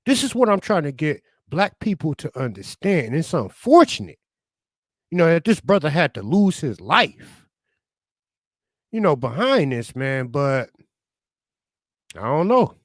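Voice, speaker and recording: A man's voice: on the high side, sing-song, unhurried, pauses often, no echo. A man giving impassioned political commentary as a talk radio panelist, talking into a studio microphone and filling his speech with "you know" and "man".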